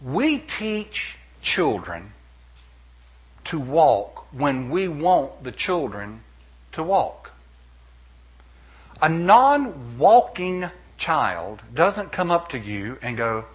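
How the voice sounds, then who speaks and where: A middle-aged man preaching a sermon as pastor, animated, with playful asides and acted-out quotes. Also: on the high side, slow pace, husky.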